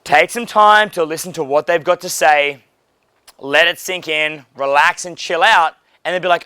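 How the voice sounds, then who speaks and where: A blunt, animated man coaching on dating, swearing freely in a somewhat high voice. The sound is dry and close, with no room echo. He talks loosely and directly, as if to a friend. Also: moderate pace, clean tone. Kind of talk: casual coaching monologue. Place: hotel.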